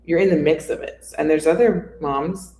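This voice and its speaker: A woman's voice: low voice, moderate pace, warm tone, slight background noise. Woman co-host asking questions, echoey room. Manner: conversational, asks probing questions. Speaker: coach and co-host. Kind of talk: casual interview chat. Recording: roomy echo.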